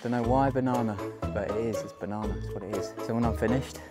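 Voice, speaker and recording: Over loud music, a man speaks quickly in a steady, mid-pitched voice, vlogging casually to the camera as he hikes a mountain trail. He's talkative, thinks out loud, and mocks himself.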